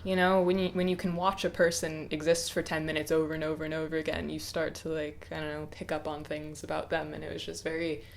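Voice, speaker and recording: A young woman in her twenties talking to camera off the cuff, hesitant and reflective, with many pauses and restarts. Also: sits low, little pitch movement, vocal fry, slight background noise. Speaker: YouTuber. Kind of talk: casual unscripted talk to camera.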